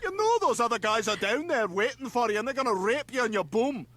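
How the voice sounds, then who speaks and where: A man's voice: very high voice, expressive, brisk. An actor with a Scottish accent playing a cranky cartoon man who scolds the characters on his TV. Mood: ranting. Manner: scolding, ranting, shouting at characters on screen. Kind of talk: cartoon voice acting.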